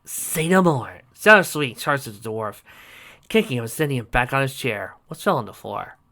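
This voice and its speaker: A steady, even narrator reads a fan fiction story aloud. The voice is bright and forward, with a plain storytelling delivery. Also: mid-range voice, normal speed, gravelly. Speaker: reader.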